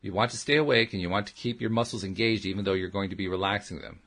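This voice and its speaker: A soft-spoken, patient woman coaching someone to breathe and relax, as a man puts her on in a low, husky voice. She guides slowly and calmly through each step. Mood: soothing. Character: gentle calm woman teaching a boy to relax.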